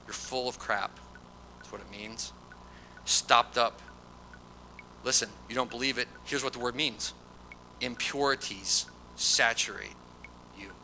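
A man's voice: medium pitch, sharp tone, slight background noise, poor audio. A man preaching a conversational sermon, reading scripture verses aloud with emphasis.

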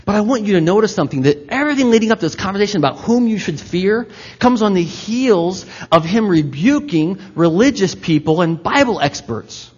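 A pastor with a high, husky, expressive voice preaches briskly to his congregation. He talks conversationally, tossing in asides and direct questions to listeners, inside a church hall that sounds echoey and slightly dull.

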